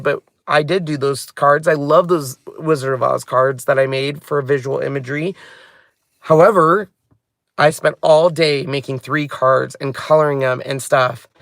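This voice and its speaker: In a dry, studio-quality recording, a man with a medium-pitched, gravelly, somewhat bright voice chats unhurriedly from his car. He hosts a craft channel, and his casual vlog talk is heartfelt and rambling, often going off on tangents.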